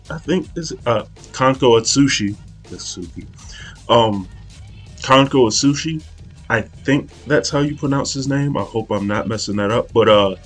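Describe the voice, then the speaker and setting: A young man casually talking through an art study, rambling and hesitant, with many fillers and restarts. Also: fairly low pitch. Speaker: art channel host.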